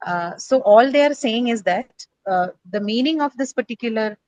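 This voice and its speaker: A woman's voice: a little high, animated, moderate pace, a little mellow, dry recording, highs cut off. A woman teaching English pronunciation in an online class, explaining patiently step by step and checking in with tag questions.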